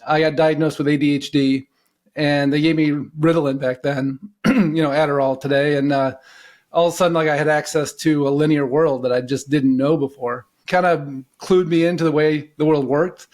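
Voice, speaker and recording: This is a middle-aged man from the United States, a guest on a podcast, recounting his journey in a casual, meandering way. His voice sits a little high for a man. He leans on "you know" and "like" as he goes. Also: normal speed. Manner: relaxed and rambling, many "you know" fillers. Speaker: podcast guest, intuitive coach. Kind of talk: casual storytelling in an interview.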